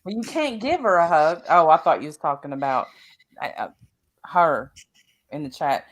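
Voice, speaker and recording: A woman with a lowish voice chats loosely on a livestream. She rambles, trails off and talks straight to the viewers. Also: sing-song, moderate pace, muffled recording. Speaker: livestream co-host. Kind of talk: casual livestream chat.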